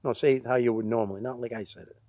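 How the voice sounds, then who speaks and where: A man's voice: mid-range voice, steady tone, rapid-fire, warm tone, dry recording. A man, co-hosting a podcast, telling rambling stories and laughing at his own jokes. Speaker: podcast co-host. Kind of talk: casual storytelling chat.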